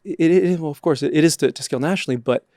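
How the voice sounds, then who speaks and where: A man, a startup CEO, giving measured, businesslike answers in a podcast interview. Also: on the high side, warm tone, no room sound, clean studio sound. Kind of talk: casual interview chat.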